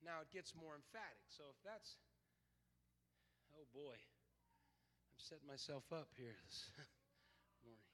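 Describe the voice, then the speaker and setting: A man's voice: on the high side, lively intonation, slow, pauses often, bright, forceful tone, big-room sound. A man pastor preaching a fervent sermon, quoting scripture and calling on the congregation to respond.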